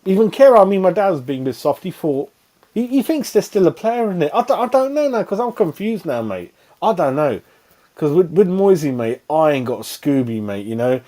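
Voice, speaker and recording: Exasperated man, higher mellow voice. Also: big pitch swings, a little fast. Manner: rambling, repeats himself, exasperated. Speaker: fan channel pundit. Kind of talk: heated post-match fan reaction.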